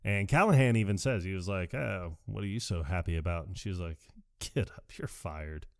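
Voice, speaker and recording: A man on a podcast talks through a movie scene by scene, slipping into quick impressions of the characters as he goes. His voice sits a little low and the sound is close and dry, with no room around it. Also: gravelly, no echo. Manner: animated retelling, acting out lines in quick voices. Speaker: podcast co-host. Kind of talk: casual movie recap chat.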